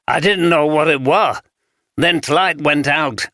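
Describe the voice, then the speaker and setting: A suspicious homeless man with a broad Yorkshire accent, as an audiobook narrator puts him on. He talks bluntly, in clipped dialect, pitched higher than the narrator's own voice. The voice sits bright and dry, close to the mic. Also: measured pace, dry recording. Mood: wary. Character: wary scruffy homeless man, gruff and suspicious.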